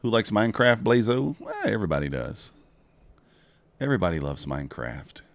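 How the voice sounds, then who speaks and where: A man's voice: on the low side, sing-song, normal speed. A man chatting casually to viewers while trading futures live, talking them through each move. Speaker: live-streaming futures trader. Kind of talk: casual live-stream commentary.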